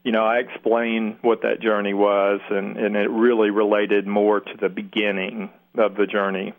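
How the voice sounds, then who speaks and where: A man's voice: fairly low pitch, level tone, normal speed. A man from Kentucky with a Southern accent, talking reflectively in an interview, with many restarts. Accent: Southern American. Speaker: guest healer. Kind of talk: interview answers. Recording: phone-line radio sound.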